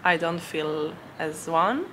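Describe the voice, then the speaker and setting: This language-learning vlogger, a young woman who is not a native English speaker, talks casually in a low-pitched, animated voice, with background noise around her. She giggles frequently and pads her pauses with ums and restarts.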